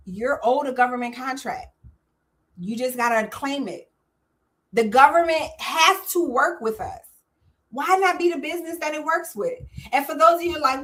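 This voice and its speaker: A bright, forceful woman hosts a live call-in stream and speaks straight to her audience. She talks with energy and emphasis, and her voice sits a bit high for a woman. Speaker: host of a call-in show on government contracting.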